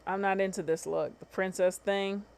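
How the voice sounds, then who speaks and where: A woman's voice: mid-range voice, fairly even intonation, normal speed, vocal fry. A woman hosting a casual livestream, talking in a chatty, slangy way and swearing freely. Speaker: livestream host.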